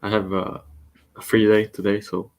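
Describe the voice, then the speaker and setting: A man's voice: fairly low pitch, little pitch movement, a crowd in the background. Laid-back man on a voice call. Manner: laid-back, quick bursts, laughs often. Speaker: guest on voice chat. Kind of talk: casual chat.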